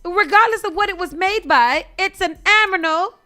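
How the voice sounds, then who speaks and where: A high-voiced woman chatting on morning radio, her tone bright and sharp. She tells stories with lively energy, acting out everyone's voices along the way. It sounds like a studio mic. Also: normal speed. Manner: animated storyteller, acts out voices. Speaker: radio co-host.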